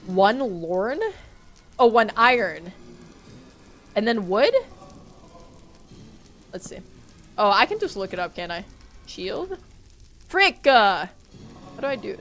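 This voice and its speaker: A young woman streams a game live and talks to her chat, getting easily startled and swearing when things go wrong. Her medium-pitched voice is sing-song and fairly bright, taking it slowly with frequent pauses, over a little hiss or hum.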